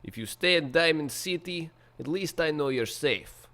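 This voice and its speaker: A man reading game dialogue in a deliberately bad mock Russian accent, exaggerated and tender. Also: a little high, animated, bright, forceful tone, pitched above the performer's own voice.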